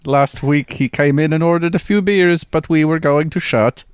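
A man's voice: fairly high pitch, normal speed, clean tone, no room sound, clean studio sound, lightly acted. A man doing a plain Dutch bartender. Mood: matter-of-fact. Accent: put-on Dutch. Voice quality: casual amateur accent reading quotes. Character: male Dutch bartender, matter-of-fact.

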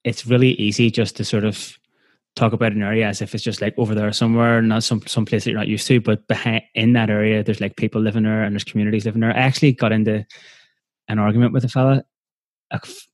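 A man's voice: lowish voice, level tone, fast, dry recording. A man with a Belfast accent, talking thoughtfully and a bit hesitantly in a casual chat. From West Belfast. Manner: thoughtful, hesitant, uses 'kind of' often.

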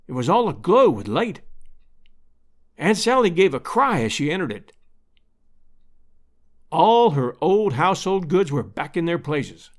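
A man reading an old-fashioned story aloud as narrator. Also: high voice. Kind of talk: audiobook narration.

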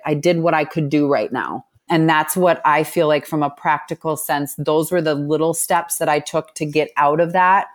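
A woman in an interview, telling a candid personal story in a reflective, rambling way with many restarts. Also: sits low. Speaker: guest.

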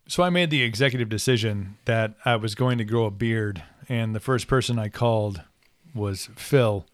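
A man's voice: lowish voice, a little slow, no echo, studio quality. A man hosting a casual podcast in a home basement, joking and rambling, laughing often. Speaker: podcast host. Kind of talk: casual chat.

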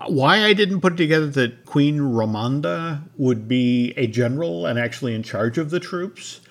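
A man's voice: a little high, animated, normal speed. A man co-hosting a podcast, talking casually and reading news and sponsor copy. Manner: conversational, many restarts, reads sponsor copy. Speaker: podcast co-host.

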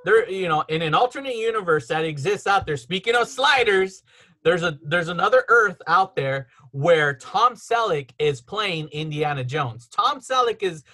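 A man's voice: sits high, lively intonation, sharp tone. A man hosting a casual podcast chat at home, rambling through film trivia and laughing often. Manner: rambling, storytelling with quick laughs. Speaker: podcast host.

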